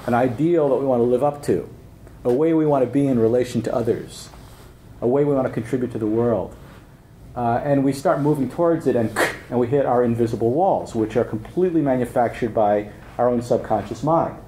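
A man's voice: mid-range voice, dark tone, slight background noise. Joking male workshop speaker, roomy hall. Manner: anecdotal, joking, chuckles at own stories; conversational, checks in with "right?". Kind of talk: live workshop talk with storytelling. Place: workshop room at an event. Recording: roomy event hall with faint ambience.

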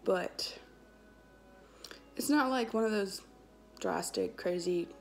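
A woman's voice: medium pitch, takes it slowly, creaky, faint music behind. A woman, telling a personal story in a casual, chatty vlog with lots of quoted dialogue. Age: 20s. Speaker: vlogger.

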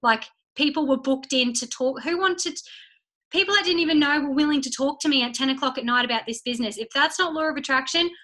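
High and sharp, this young woman's voice moves fast as she, a team leader, gives her business team a chatty pep talk. She plays out small inner voices and phone calls, and the audio quality is poor.

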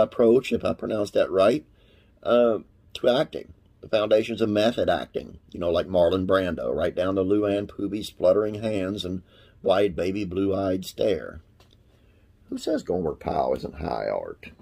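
A man's voice: fairly low pitch, creaky, darkish tone, husky. A man hosting a classic TV trivia channel, reading facts aloud and wandering into folksy, rambling asides with religious sign-offs.

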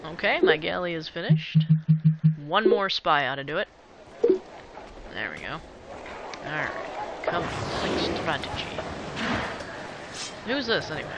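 A man casually commenting on his strategy game in a playful, joking way, talking to the game's characters with sudden excited yelps. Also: a little high, a little slow, pauses often, a loud crowd. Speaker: gamer narrating a let's play. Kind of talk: casual let's play commentary. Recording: game music loud behind voice.

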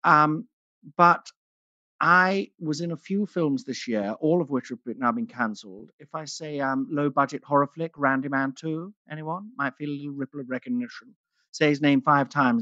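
A man's voice: mid-range voice, moderate pace, pushed and bright, dry recording, lightly acted. A man doing a stand-up character act as a vain, theatrical aging actress with a grand luvvie manner, calling everyone darling, on a dull, dry lo-fi recording. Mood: theatrical, grandiose. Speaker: character comedian.

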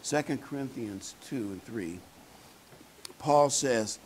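A man's voice: mid-range voice, big pitch swings, normal speed, a little mellow, slight background noise, low-quality recording. Guy preaching a sermon, casual folksy delivery, voice swings up and down a lot. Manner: conversational, folksy preaching with fillers.

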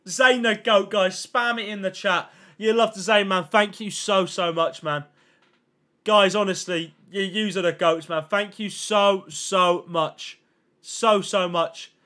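This high-pitched young streamer chats casually with his viewers while gaming, keeping things slangy and excitable. He thanks chat over and over and reacts loudly to pack openings.

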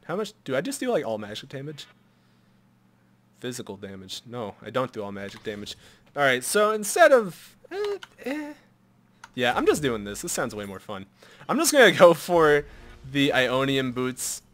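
A young man giving live commentary over his own game at a computer, swinging from muttered asides to loud shouts at big plays and swearing casually. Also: medium pitch, wildly swooping pitch, moderate pace. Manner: swears and jokes casually, mutters to himself while shopping. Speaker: gameplay commentator.

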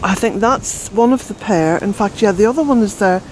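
Older Irish-born woman vlogging in her garden, mellow tone, breathless and chatty, faint outdoor noise behind. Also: mid-range voice, normal speed, rough recording. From Ireland. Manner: rambling, chatty, with fillers. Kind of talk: casual walk-and-talk narration.

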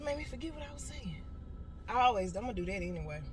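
A woman in her late twenties, a motivational speaker, tells a blunt, profane story in a casual car vlog, her voice on the high side, very animated and quick. The recording is rough, with loud car noise behind her inside the car.

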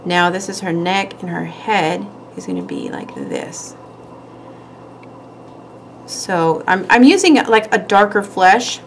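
A woman's voice: fairly low pitch, animated, takes it slowly, pauses often, a little hiss or hum, low-quality recording. A woman hosting a nail art tutorial, chatting casually and giggling as she works. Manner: chatty, giggly, talks while working.

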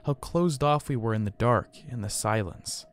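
A man narrating a first-person horror story in a tense, hushed storytelling manner. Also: mid-range voice, expressive, normal speed, slight background noise.

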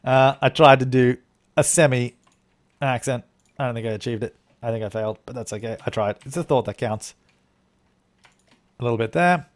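A man's voice: medium pitch, brisk, pauses often. Man rambling through live game commentary. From Australia. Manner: rambling, thinking aloud while playing; thanks viewers for donations. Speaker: game streamer.

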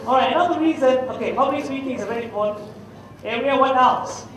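A man's voice: extremely high pitch, fast talker, fairly bright tone, a little hiss or hum. A middle-aged man with a Malaysian English accent giving a humorous public talk, telling anecdotes and quizzing his audience. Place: large hall at a festival. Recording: echoey hall, mic at a distance.

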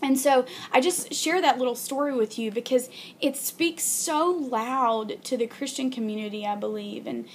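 A young woman in a casual vlog telling a heartfelt faith story, earnest and halting with many ums and restarts. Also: high-pitched, a little hiss or hum. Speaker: video blogger.

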